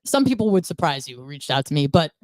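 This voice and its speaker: A woman's voice: low voice, big pitch swings, fast, a little mellow, dry recording. A woman guest on a podcast, telling her story bluntly with frequent swearing. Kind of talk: candid conversational storytelling.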